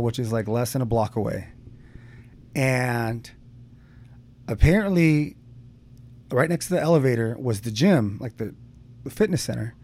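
A man's voice: medium pitch, a little mellow. A young man co-hosting a podcast, telling a long personal story in casual chat, rambling with fillers and frequent swearing. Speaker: podcast co-host.

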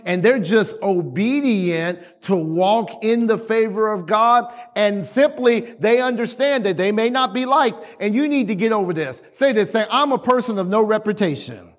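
A man preaching a sermon with emphatic call-and-response, repeating phrases and exhorting the congregation. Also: high-pitched. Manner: repetitive, exhorting, varies volume widely.

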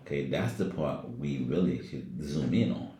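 A man's voice: a bass voice, animated, normal speed, mellow. A man reflecting on scripture in a casual Bible study discussion, with lots of fillers. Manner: rambling, filler-heavy, reflective. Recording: echoey room with faint noise.

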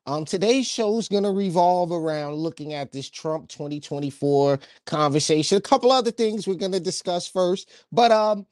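Energetic man co-hosting a podcast. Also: high voice, moderate pace, hardly any pauses, no echo, studio quality. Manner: energetic, talks in bursts with repeated restarts. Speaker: podcast co-host. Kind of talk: casual political podcast chat.

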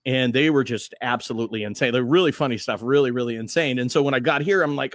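A man's voice: medium pitch, fast, few pauses, no echo. Rambling radio man, dry close sound. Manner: loose, rambling, animated storytelling. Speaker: morning radio host, guest. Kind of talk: casual podcast chat.

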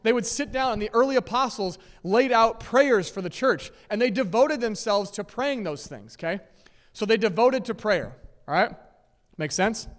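At a normal speed, a pastor with a high, animated voice preaches a conversational sermon in a large hall, a church sanctuary with long reverb. He checks in with listeners often, saying "okay?" and "right?", with light laughs between points.

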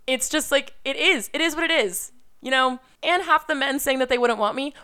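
A woman's voice: high voice, fairly bright tone, clean tone. A young woman in her twenties ranting to camera in an unscripted vlog, blunt and defiant, swearing often. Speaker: vlogger.

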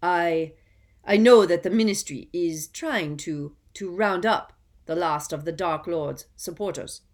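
A woman's voice: lowish voice, unhurried, natural voice. A woman voicing a frightened, unctuous middle-aged male prisoner pleading before a council in a storybook reading.

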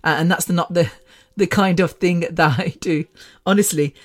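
A woman's voice: fairly low pitch, fairly even intonation, normal speed. Woman in her fifties, solo podcast chat, rambling, laughs a lot. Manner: rambling, chatty, laughs often. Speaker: podcast host.

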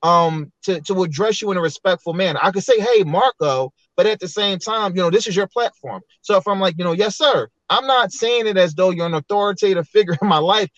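A man's voice: high voice, fairly quick, hardly any pauses, fairly bright tone, no room sound, dull audio. A man speaking as a podcast guest, earnest and reflective, with frequent restarts. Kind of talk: candid personal storytelling.

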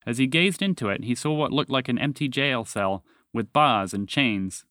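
Male storyteller, lively expressive read, middle voice, dry booth sound. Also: medium pitch, moderate pace, no echo. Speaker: narrator. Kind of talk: storybook narration.

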